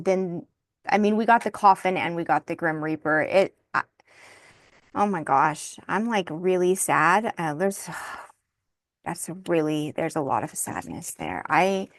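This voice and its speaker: A woman giving an intuitive tarot reading, soft-spoken and emotional, thinking aloud as she turns the cards. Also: lowish voice, dry recording. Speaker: tarot reader.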